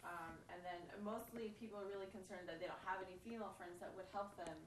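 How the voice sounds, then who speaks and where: A woman's voice: medium pitch, steady tone, fast, low-quality recording. A woman co-hosting, casually reading out audience guesses.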